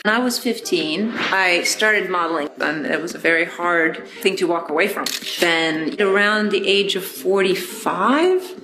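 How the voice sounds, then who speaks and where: A middle-aged woman speaking reflectively about her own experience. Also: medium pitch. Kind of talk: reflective personal talk. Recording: echoey room.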